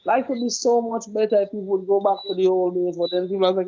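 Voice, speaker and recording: A man, co-hosting a casual chat, calm and preachy with frequent agreeing interjections. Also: sits high, fast talker, few pauses. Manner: laid-back, agreeing, preachy asides. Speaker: podcast co-host. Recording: dull lo-fi audio.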